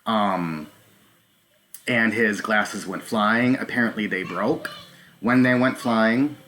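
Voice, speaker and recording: A man hosting a live stream, talking straight to his viewers in a halting, nervous way with many filler ums. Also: on the low side, a bit bright, a little hiss or hum. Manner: talks to viewers directly. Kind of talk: live stream recounting events.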